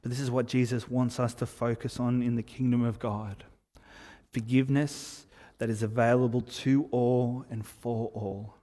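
Male preacher, casual storyteller, middle-pitched voice, long hall echo. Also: normal speed. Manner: conversational, animated storytelling with asides. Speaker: pastor. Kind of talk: sermon.

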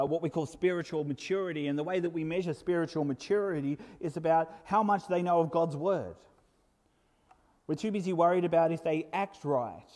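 Preacher, man, earnest sermon delivery, warm mellow tone, soft asides and emphatic peaks, church-hall reverb. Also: fairly high pitch.

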